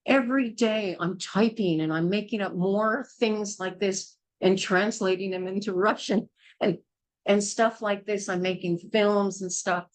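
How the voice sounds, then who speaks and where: An older woman, a midwife, gives a blunt and forceful childbirth class lecture, scolding and repeating herself. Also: medium pitch, poor audio. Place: small indoor class.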